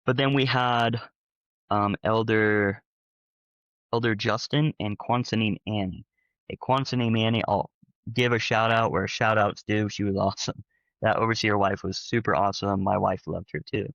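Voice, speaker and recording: A man's voice: fairly low pitch, moderate pace, no echo, muffled recording. Chatty man telling a long personal story. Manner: rambling, animated, with frequent fillers. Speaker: panel guest, former church member. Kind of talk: casual conversational storytelling.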